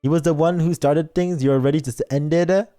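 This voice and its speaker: A man's voice: on the high side, steady tone, brisk, mellow, faint music behind. A man streaming as a VTuber, reading a story game aloud and breaking off for teasing asides to chat. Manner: playful, reads lines aloud and reacts with teasing asides.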